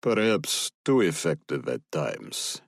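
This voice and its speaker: A man's voice: very deep voice, very animated, slow, creaky, no echo, clean studio sound, heavily acted. A man voicing a blunt sergeant major who is firm, businesslike and insistent. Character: blunt American command sergeant major, pushy.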